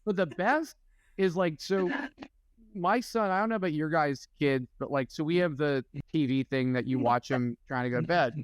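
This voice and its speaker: A man in his thirties co-hosting a podcast, telling an animated story in casual chat. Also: on the high side, moderate pace, clean tone, dry recording. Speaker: podcast co-host.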